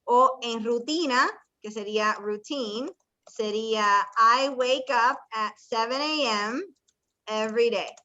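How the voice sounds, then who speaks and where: A woman teaching English patiently walks her students through each step, switches between Spanish and English, and quizzes them in this bilingual lesson. Her slightly high voice is bright and forceful, unhurried, and recorded with lo-fi sound.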